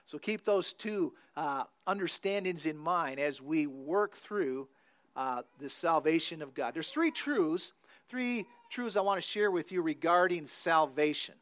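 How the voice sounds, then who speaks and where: Slow-speaking, high-voiced male pastor. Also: fairly bright tone. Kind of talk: sermon.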